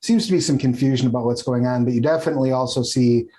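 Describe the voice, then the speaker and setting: A man's voice: mid-range voice, fast talker, dark tone, slightly rough, poor audio. A man narrating as game master of a tabletop game, with a rambling, filler-heavy delivery. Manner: rambling, many fillers and restarts.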